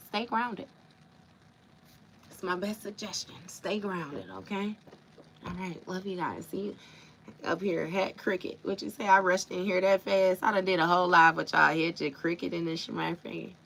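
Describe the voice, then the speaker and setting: A woman's voice: mid-range voice, creaky, fairly bright tone, slight background noise. A woman doing a tarot reading on a live stream, talking casually and with plenty of slang straight to her viewers. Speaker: tarot reader.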